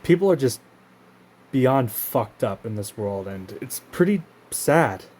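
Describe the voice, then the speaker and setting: A man's voice: mid-range voice, expressive, slow pace, darkish tone. A man hosting his own channel, talking in an indignant, profane rant that halts often and restarts its sentences. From Canada. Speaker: channel host. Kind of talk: casual spoken rant to camera.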